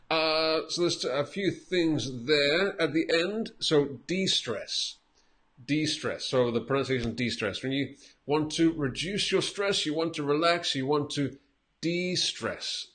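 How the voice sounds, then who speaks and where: A man's voice: fairly high pitch, a bit bright. A man teaching English, patiently correcting a learner's recording with repeated example phrases and small laughs. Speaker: English teacher giving feedback. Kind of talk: casual spoken lesson.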